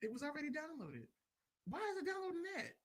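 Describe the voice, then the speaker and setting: A man's voice: very high voice, wildly swooping pitch, quick pace, fairly bright tone. A man co-hosting a casual talk show, joking and apologizing through technical trouble. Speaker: podcast co-host. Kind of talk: casual chat.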